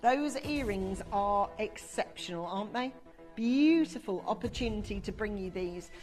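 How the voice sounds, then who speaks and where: A woman's voice: mid-range voice, animated, moderate pace, darkish tone, faint music behind. A woman presenting on a shopping channel from a TV studio, talking in gushing, chatty sales patter.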